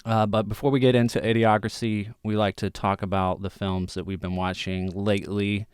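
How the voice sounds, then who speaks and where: A man's voice: lowish voice, little pitch movement, normal speed, a little mellow, clean tone, no echo, studio quality. Laid-back male podcast host. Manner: laughs often, easygoing, many fillers. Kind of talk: casual chat.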